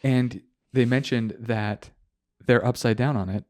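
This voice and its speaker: A man's voice: medium pitch, fairly even intonation, unhurried. A man hosting a casual car podcast, joking and slipping into mock voices. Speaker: podcast host. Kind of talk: casual chat.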